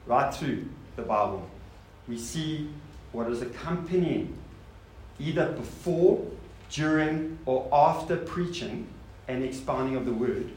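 A man's voice: medium pitch, animated, measured pace, a little mellow. Male preacher, mid-range voice, casual rhetorical sermon, echoey hall with faint hiss. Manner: rhetorical questions, informal asides to the congregation. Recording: roomy hall sound with faint noise.

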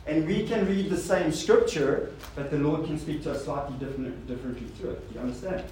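A man's voice: a little high, brisk, dark tone. A man preaching a sermon to a congregation. He asks rhetorical questions and makes casual asides to the listeners. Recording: roomy hall sound with faint noise.

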